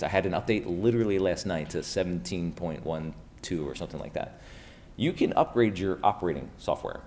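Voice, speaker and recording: Speaking in a deep, slightly mellow voice, a Pennsylvania man delivers an upbeat, casual keynote at a conference, firing rhetorical questions at the live room audience. Slight background noise is present.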